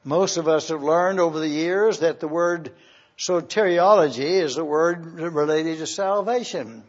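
Slow, deliberate high-voiced preacher. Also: male voice. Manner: slow and deliberate, spelling out terms. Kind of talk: teaching sermon with scripture reading. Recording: dull lo-fi sermon recording.

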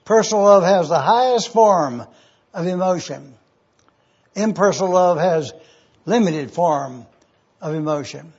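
A man preaching a numbered teaching sermon, speaking slowly and deliberately and repeating key phrases. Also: high-pitched, animated, darkish tone, slightly rough, highs cut off.

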